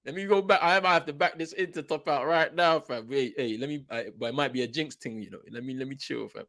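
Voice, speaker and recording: A young man talks over a live football match as a watchalong host. He is excitable and full of slang, often repeating his words. He jumps from shouted outbursts to low, grumbling mutters. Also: quick pace.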